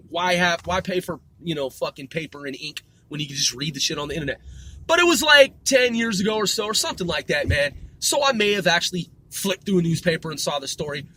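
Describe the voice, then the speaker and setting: A man in his forties rants casually while driving for a mobile podcast, rambling, swearing a lot and correcting himself. His voice is on the high side, pushed and bright, recorded on a mobile device in a moving car with a little hiss or hum.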